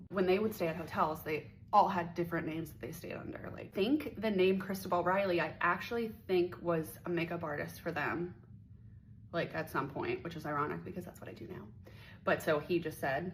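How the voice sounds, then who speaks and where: A woman's voice: fairly low pitch, slight background noise, rough recording. A young woman telling a story from her teenage years, candid and swearing freely, acting out the voices of the people she quotes. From Pittsburgh area. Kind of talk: casual storytime vlog.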